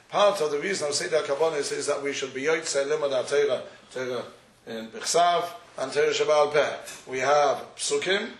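A man lectures on a Talmudic topic in a questioning, back-and-forth cadence. His voice sits somewhat high. He is heard from a distance in a roomy, echoing space. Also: a bit bright. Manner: questioning, argumentative study-hall cadence. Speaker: Torah teacher. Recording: echoey room, far from the mic.

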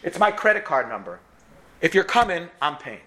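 A man voicing a sixty-five-year-old male doctor who talks in a raised, excited way. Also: fairly high pitch, moderate pace, pitched above the performer's own voice. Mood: emphatic.

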